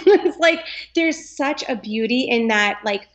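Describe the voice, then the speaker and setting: A woman's voice: fairly high pitch, expressive, takes it slowly. Chatty young woman yoga teacher. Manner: earnest, chatty, lots of "like". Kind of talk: podcast interview chat.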